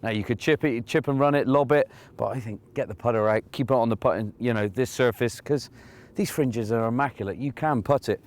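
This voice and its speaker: A man reporting outdoors on a golf course, explaining a hole in a lively, hands-on way while he plays a shot. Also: medium pitch, fairly quick. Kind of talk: on-course demonstration and commentary.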